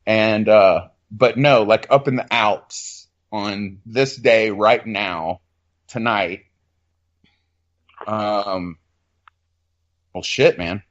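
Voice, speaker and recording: A man's voice: fairly low pitch, extremely slow, pauses often. Man, casual podcast chatter, loose and profane, muffled lo-fi audio. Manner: loose, profane, excitable with many fillers.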